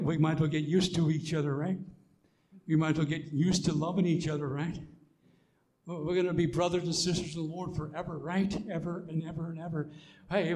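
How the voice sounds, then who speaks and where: Man preaching, high voice, emphatic repetitions, loud swells and soft asides. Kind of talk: sermon.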